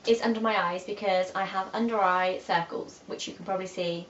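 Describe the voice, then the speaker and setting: A woman's voice: medium pitch, steady tone, fairly quick, fairly bright tone. A young woman, chatting and giggling as she talks through her favourite makeup products. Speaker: beauty vlogger. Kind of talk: casual chat about makeup favourites. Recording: echoey dull room audio with faint hiss.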